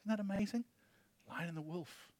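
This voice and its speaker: A male pastor preaching a sermon, impassioned, moving between loud emphasis and hushed storytelling. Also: sits high, a little fast, dry recording.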